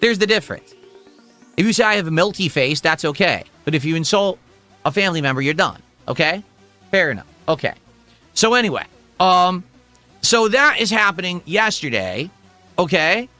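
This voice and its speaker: Bright-voiced man ranting bluntly. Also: sits high, animated, normal speed, long pauses, soft background music. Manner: blunt, profane, exasperated ranting. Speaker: livestream host. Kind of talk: casual livestream talk to chat. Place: at home.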